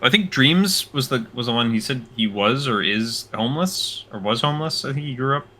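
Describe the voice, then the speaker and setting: A man co-hosting a TV reaction show, talking in a halting way with many fillers and frequent laughter. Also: mid-range voice, animated, bright, forceful tone, slight background noise. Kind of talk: casual chat, reaction commentary.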